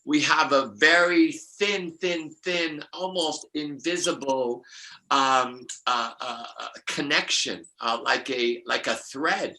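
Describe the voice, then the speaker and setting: A man's voice: a little high, takes it slowly, sharp tone, rough recording. An older man, a numerologist guest, telling rambling spiritual stories with many restarts and laughs.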